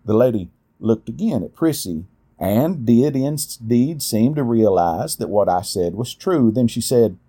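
A middle-aged man telling a personal story in a folksy, unhurried way. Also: on the low side, animated, dark tone, breathy edge. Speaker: storyteller, podcast host. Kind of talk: storytelling narration.

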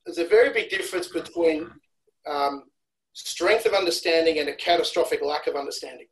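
Male analyst guest from Australia, casual podcast chat, slightly raised pitch, analytical delivery. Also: fairly quick, poor audio. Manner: analytical, repeats words when restarting.

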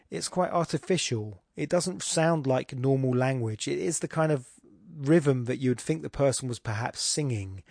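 A man's voice: mid-range voice, darkish tone, dry recording, clean studio sound. A man hosting a podcast, analysing a poem in a rambling, self-deprecating casual way, with many restarts. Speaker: podcast host.

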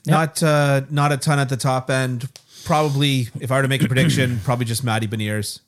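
A man co-hosting a casual hockey podcast from a garage, laid-back and quick to laugh. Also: medium pitch, steady tone. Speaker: podcast co-host.

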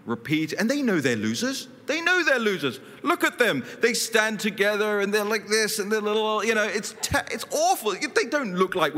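Casting: lively male speaker, bright forceful voice, punchy anecdotes, echoing hall. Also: sits high, normal speed, hardly any pauses. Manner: animated, emphatic, punchy storytelling. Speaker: guest speaker. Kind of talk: political speech with anecdotes. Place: conference hall. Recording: reverberant hall.

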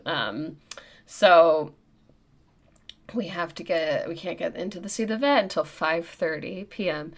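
A woman co-hosting a casual podcast chat, telling animated stories, swearing freely and mimicking other people's voices. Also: fairly low pitch, a little slow. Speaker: podcast co-host. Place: Greenpoint, Brooklyn.

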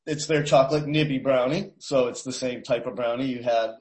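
A man's voice: medium pitch, a little fast, echoey room. A man hosting a casual podcast chat, telling stories about local food. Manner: storytelling, animated. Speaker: podcast host and food tour guide.

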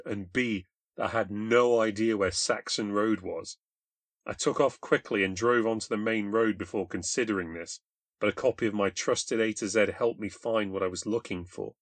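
A man's voice: fairly low pitch, fairly bright tone, dry recording. A man narrating a first-person ghost story in a blunt, sardonic, self-deprecating way. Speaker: storyteller and podcast host.

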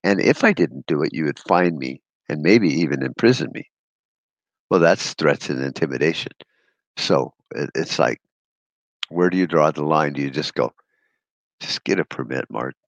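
Man, very deep voice, gravelly, blunt profane rant, sarcastic, dry close recording. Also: animated, moderate pace, no room sound. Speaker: podcast host. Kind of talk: solo podcast rant.

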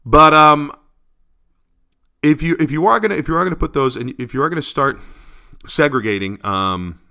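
Man, bright tense voice, animated, opinionated, casual podcast chat. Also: a little high, normal speed, smooth. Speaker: podcast co-host.

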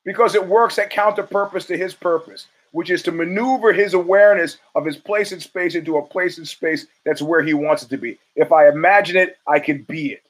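A male podcast host riffs through a blunt, profane commentary monologue. His voice sits a little high for a man, and he barrels through his opinions. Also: brisk, hardly any pauses, low-quality recording.

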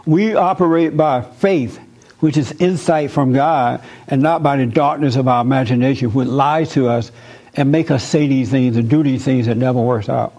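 A man's voice: medium pitch, moderate pace, darkish tone, poor audio. A man leading a spiritual discussion group, preaching earnestly and drawing in listeners with repeated questions and emphatic repetition. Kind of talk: interactive sermon with audience questions.

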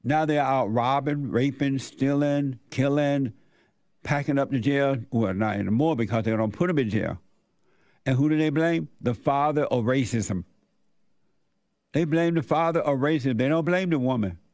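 A man's voice: medium pitch, moderate pace, a little mellow, no room sound. Preachy older man hosting talk radio. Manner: preachy, repetitive, emphatic. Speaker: radio show host. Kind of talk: opinionated talk radio commentary.

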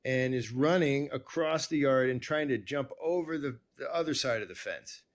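A man hosting a conversation, telling a personal story in a rambling, animated way with many restarts. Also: mid-range voice, normal speed. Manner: rambling, self-interrupting, animated. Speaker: podcast host.

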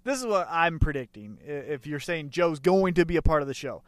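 A man's voice: fairly high pitch, animated, brisk, no echo, studio quality. A man co-hosting a wrestling podcast, chatting casually and joking with crude trash talk. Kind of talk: casual chat.

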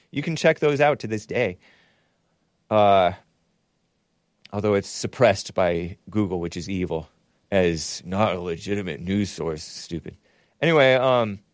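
A man hosting his own commentary show, swinging between loud mocking outbursts and low muttering asides. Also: no room sound, studio quality. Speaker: host.

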